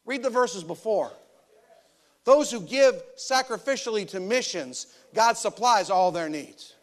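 A man preaching a sermon, animated and emphatic, swinging between loud stressed lines and soft quiet drops. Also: sits high, a little slow. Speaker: pastor.

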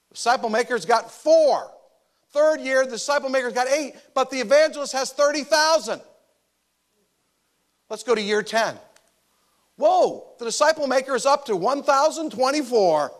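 Male pastor, very high voice, animated preaching, loud emphasis then soft drops. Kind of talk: sermon.

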